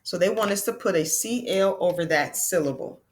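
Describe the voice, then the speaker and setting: A woman teaching a phonics lesson to children, sounding out words slowly and patiently. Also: fairly low pitch.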